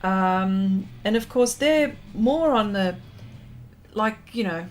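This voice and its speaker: A woman's voice: medium pitch, animated, takes it slowly, slight background noise. An Australian woman, a pastel artist, chatting casually with her viewers during a live stream as she paints, thanking them and reading their comments aloud.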